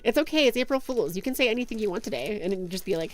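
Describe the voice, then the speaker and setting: A woman's voice: mid-range voice, expressive, fast talker. A young woman streaming, chatting casually and giggling as she reads chat aloud.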